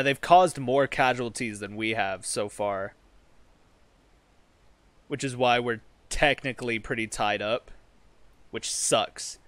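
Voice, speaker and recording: A man's voice: mid-range voice, a bit bright. A man playing a strategy game as a ranger commander, commenting in character in a put-on accent and calling his troops lads. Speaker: gamer roleplaying a ranger commander.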